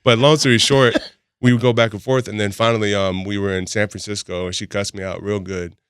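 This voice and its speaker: A man's voice: fairly low pitch, fairly even intonation, a little fast, fairly bright tone, clean tone, dry recording, studio quality. A man guesting on a podcast, telling stories candidly in casual chat and often laughing as he talks. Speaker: podcast guest, boxing gym founder.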